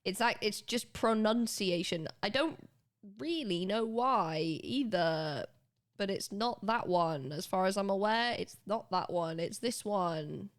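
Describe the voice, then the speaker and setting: A young British woman streaming and chatting casually with her chat, animated and quick to laugh, with casual swearing. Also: medium pitch. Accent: British English. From United Kingdom. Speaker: livestreamer.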